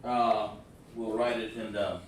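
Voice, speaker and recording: A man's voice: on the low side, fairly even intonation, takes it slowly, background noise. A man teaching a scripture class. He explains the meaning of words step by step and talks directly to the people listening. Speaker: religious teacher. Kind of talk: live-streamed scripture class. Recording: very echoey room, far from the mic.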